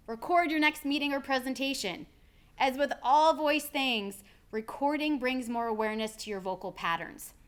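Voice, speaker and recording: A woman, an executive speaker coach, giving a clear, deliberate lesson on how to speak with confidence. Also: high-pitched. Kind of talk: instructional video presentation.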